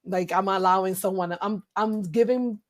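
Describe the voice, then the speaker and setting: A woman's voice: mid-range voice, fairly even intonation, moderate pace. Reflective woman. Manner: reflective, emotional, hesitant with fillers. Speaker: guest. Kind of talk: candid personal interview.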